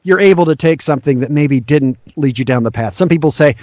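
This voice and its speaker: A man's voice: on the high side, brisk, few pauses, darkish tone, no echo. A middle-aged male voice actor, a guest in an interview, giving earnest, frank and encouraging career advice.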